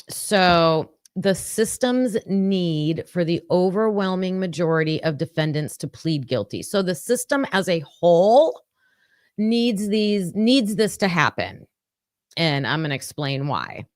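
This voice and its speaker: A woman's voice: lowish voice, no room sound, studio quality. A woman giving casual true crime commentary, thinking aloud and reading from her notes.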